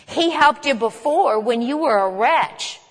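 A woman's voice: high-pitched, lively intonation, a little slow. Woman preaching in a reverberant hall. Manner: conversational, emphatic, asks the listeners questions. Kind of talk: sermon. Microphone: camera.

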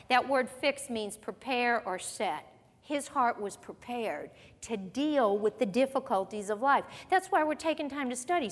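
A woman pastor preaching a sermon, reading scripture aloud and asking emphatic rhetorical questions to her congregation. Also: a little high. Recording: long reverb of a large hall.

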